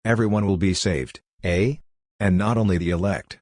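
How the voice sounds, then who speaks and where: Low-voiced man reading a novel aloud. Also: moderate pace, darkish tone, no room sound, clean studio sound. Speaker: audiobook reader. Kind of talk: literary audiobook narration.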